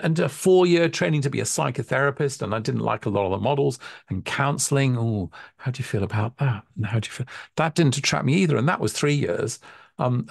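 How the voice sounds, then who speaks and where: A man speaks earnestly in a mid-pitched, gravelly voice, thinking aloud and often restarting his sentences. The sound is dry and close, with no room around it. He talks as a hypnotherapy tutor reflecting on his path. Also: no echo. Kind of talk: reflective webinar talk.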